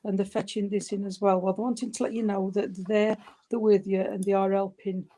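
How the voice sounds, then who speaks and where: A woman, working as a spiritualist medium and giving a spirit reading at a service. She talks gently and soothingly, calling the listener sweetheart and darling, and often stops and restarts her sentences. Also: mid-range voice, flat delivery, a little fast. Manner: hesitant, with frequent restarts.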